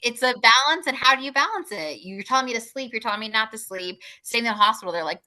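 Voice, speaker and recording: A woman's voice: on the high side, lively intonation, fast, hardly any pauses, sharp tone. A woman in her thirties talking casually as a podcast guest, chatty and full of "like", laughing easily.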